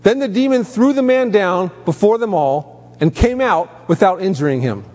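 A man's voice: high-pitched, expressive, moderate pace, darkish tone. A man preaching a sermon, emphatic, lifting his voice sharply on quoted commands. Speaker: pastor. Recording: long hall reverb.

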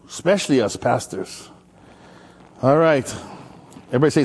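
A male pastor from Maui preaching an animated sermon, telling stories and calling out to the congregation. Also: mid-range voice, slow pace, slightly rough. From Maui, Hawaii. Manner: energetic, chatty, storytelling with call-and-response.

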